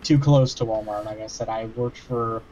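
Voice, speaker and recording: A man's voice: lowish voice, fairly even intonation, moderate pace, dark tone, lo-fi sound, a little hiss or hum. A man in casual livestream chat, blunt and swearing freely.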